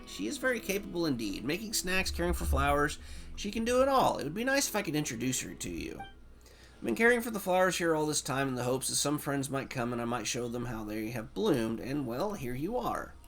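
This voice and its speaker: A man reading game dialogue aloud as a gentle, wistful female doll who tends flowers, with soft lilting rises. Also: fairly high pitch, sing-song, brisk, gravelly, soft background music, exaggerated voice.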